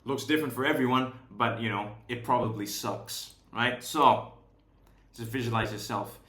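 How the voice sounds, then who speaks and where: A young man teaching an online course in a casual, high-energy, profane way, checking in with "right?" over and over. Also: fairly even intonation, moderate pace, a bit bright. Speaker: course instructor. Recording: roomy echo.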